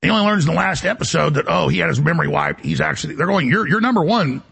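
A man hosting a talk show, delivering a rambling, emphatic monologue in a gravelly, raspy voice. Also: fairly high pitch, very fast, pushed and bright. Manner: emphatic, boastful, jumps between topics.

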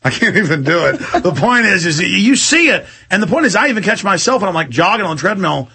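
A man's voice: sits high, very animated, fast, pushed and bright, breathy edge. A middle-aged man hosting a talk radio show, rambling and emphatic, repeating himself and mimicking other voices. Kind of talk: heated talk radio commentary.

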